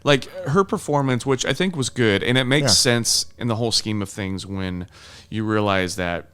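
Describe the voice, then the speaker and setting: A man's voice: fairly low pitch, normal speed, a bit bright, clean tone. A man co-hosting a film review podcast in casual chat, laid-back and frank, often chuckling between his points. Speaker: podcast co-host.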